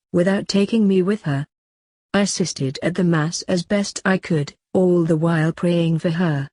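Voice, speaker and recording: A woman narrating a saint's autobiography as an audiobook, in a calm, earnest and measured reading. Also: fairly low pitch, no echo, studio quality.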